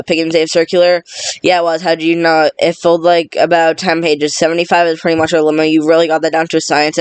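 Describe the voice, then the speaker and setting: A man reading a film script aloud in a rapid, flat delivery, stumbling over words now and then. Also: a little high, clear, resonant tone, dry recording. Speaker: reader.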